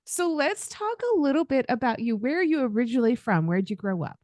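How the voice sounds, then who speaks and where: A chatty woman with a faint Southern American accent, hosting a podcast interview and asking easygoing questions. Her pitch moves around a lot as she talks. The recording is dry and close. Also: sing-song, a little fast, no room sound. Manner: warm and chatty, laughs easily. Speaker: podcast host. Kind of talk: casual interview.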